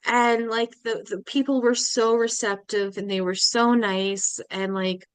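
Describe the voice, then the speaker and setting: A young woman guest on a podcast, telling a personal story in a halting, emotional way and acting out the people she quotes. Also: mid-range voice, fairly even intonation, clear, resonant tone, no echo. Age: young adult. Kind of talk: casual interview storytelling.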